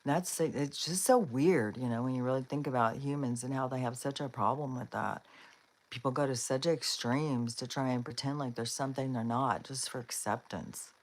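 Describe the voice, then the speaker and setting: A woman's voice: a bass voice, normal speed, slight background noise. A woman hosting a live stream, rambling casually and chatting to her dogs between thoughts. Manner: chatty and rambling, with frequent fillers and laughs; talks to her dogs in a coaxing voice.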